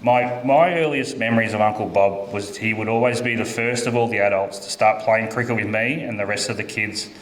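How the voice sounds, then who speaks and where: Aussie bloke giving a eulogy, lowish voice, stumbles a bit, echoey church. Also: male voice, a bit bright. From Australia. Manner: halting, repeats his words. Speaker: eulogy speaker. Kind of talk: reading a eulogy. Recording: echoey church with faint room noise.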